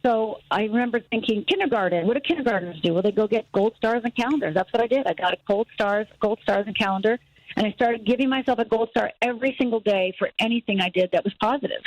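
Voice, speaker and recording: A middle-aged woman from Upper Michigan, a guest on a radio talk show, telling a personal story in an animated way, acting out voices and laughing easily. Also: on the high side, fast, dry recording, lo-fi sound. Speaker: guest, fear expert.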